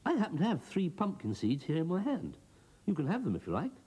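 A man voicing a cheeky, mischievous talking magic broomstick in a children's storybook reading, with a high, squeaky put-on voice and an eager, wheedling manner. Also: wildly swooping pitch, fairly quick, a little mellow, slightly rough, long reverb tail, exaggerated voice.

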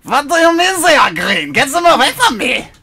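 A man's voice: extremely high pitch, big pitch swings, normal speed, bright, forceful tone. A young man improvising comedy in a camp, theatrical manner. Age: young adult. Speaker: improv performer.

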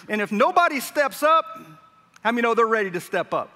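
A middle-aged pastor preaches in a big church, his voice high and bright. Long reverb from the sanctuary trails behind his words. He tells a story and acts out the people in it. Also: big pitch swings, fairly quick. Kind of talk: sermon.

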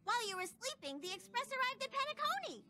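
An actress voicing a composed, caring mature woman in a game, speaking calmly and reassuringly. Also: extremely high pitch, quick pace, very noisy. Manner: calm and reassuring.

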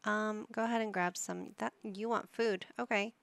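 A woman's voice: medium pitch, steady tone, moderate pace, gravelly, a bit bright, no room sound. A woman giving casual gameplay commentary, chatty and coaxing, talking to her characters like a parent would. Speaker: gaming YouTuber.

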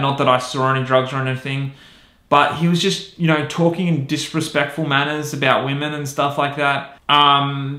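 A man tells a story in a loose, rambling way, full of fillers and asides. His voice is bright and a little high. The sound is echoey. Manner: rambling, many fillers like "you know" and "right?". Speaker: podcast host. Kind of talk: casual storytelling.

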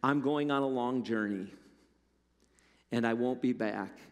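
A man voicing an old male master near death who answers in a low, subdued way. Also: unhurried, close to an everyday voice. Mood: resigned. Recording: long hall reverb.

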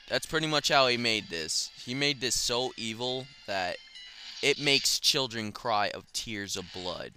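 A young man talks through a hard game with a lively, swinging pitch and a bright, sharp edge to his voice. He curses freely and bursts into frustrated shouts. Faint game music runs underneath. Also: a little slow, smooth. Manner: profane, excitable, shouts in frustration. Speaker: gaming commentator. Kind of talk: casual let's play commentary.

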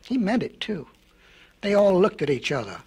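Folksy husky storyteller man. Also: sits high, big pitch swings, normal speed, darkish tone. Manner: folksy, meandering asides. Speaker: narrator. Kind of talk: storybook narration.

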